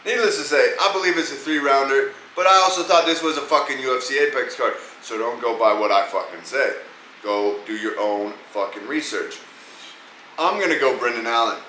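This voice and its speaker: On this podcast, a male host offers loose, foul-mouthed predictions for upcoming fights as he rambles along. He talks a little fast in a sharp, mid-range voice. Slight background noise and faint ambience fill the echoey space.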